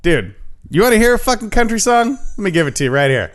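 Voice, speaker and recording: A man's voice: high-pitched, big pitch swings, quick pace. A man co-hosting a podcast who argues his points emphatically, swears a lot and laughs often. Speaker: podcast co-host. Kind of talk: casual podcast banter.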